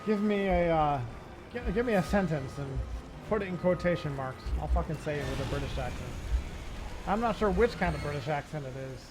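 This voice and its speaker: A man streaming a video game, chatting casually, swearing and reacting out loud as he plays. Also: on the high side, animated, a little fast, noisy background. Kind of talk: casual gameplay commentary.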